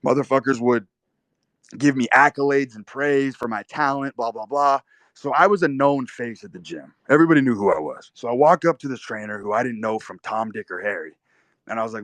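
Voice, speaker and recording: A man's voice: mid-range voice, expressive, fairly quick, a bit bright, no room sound. Young guy, mid-range voice, telling a raw, cuss-heavy personal story, recorded dry. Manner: intense, profane, vivid storytelling. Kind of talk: first-person storytelling monologue.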